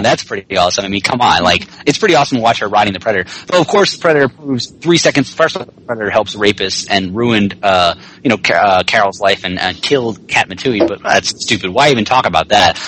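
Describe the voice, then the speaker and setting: A man ranting about comics in casual talk, swearing freely and mocking as he goes. His speech races, his pitch leaps all over, and his tone stays bright and forceful. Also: slight background noise, rough recording. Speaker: podcast co-host. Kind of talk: casual comic book review chat.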